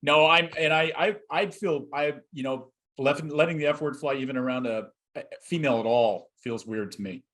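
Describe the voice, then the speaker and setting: A man's voice: medium pitch, a little fast, hardly any pauses, fairly bright tone. Rambling, chatty man. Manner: rambling, many fillers and restarts, nostalgic. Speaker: podcast co-host. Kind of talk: casual podcast chat.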